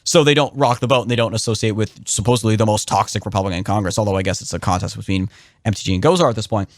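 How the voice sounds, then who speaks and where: A young adult man co-hosting a casual political podcast, opinionated and animated, who acts out the people in his stories. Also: rapid-fire, no room sound, clean studio sound. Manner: animated, opinionated, swings pitch sharply for emphasis. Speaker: podcast co-host.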